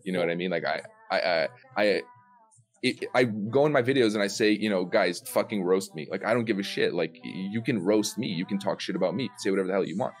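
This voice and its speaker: A man's voice: on the low side, fast talker, soft background music. A man on a voice call, debating in a blunt, laid-back way and swearing a lot. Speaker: guest content creator. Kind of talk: casual heated debate.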